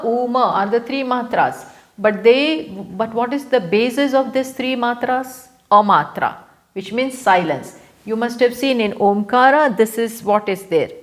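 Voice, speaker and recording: Speaking in a little-high voice with an Indian English accent, a woman gives a scripture lecture live at a talk venue. As a spiritual teacher, she takes her time and echoes important phrases to stress them.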